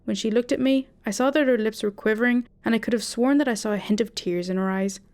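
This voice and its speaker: A woman narrating a first-person horror story in a steady, dramatic storytelling manner. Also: on the high side, fast talker, clean tone.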